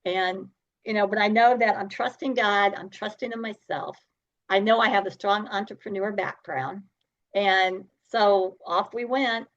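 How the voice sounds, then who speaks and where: Animated woman telling her story. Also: mid-range voice, a little slow, dull audio. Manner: animated, acts out dialogue, laughs often. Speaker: podcast guest. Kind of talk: storytelling interview.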